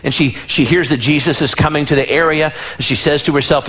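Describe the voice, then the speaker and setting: A male pastor delivers a sermon with a voice pitched a little above the usual. He is dramatic, voicing the people of his stories, and often repeats and restarts his phrases. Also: fairly even intonation, fairly quick, hardly any pauses, fairly bright tone, breathy edge. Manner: dramatic, acts out the Bible figures in voices.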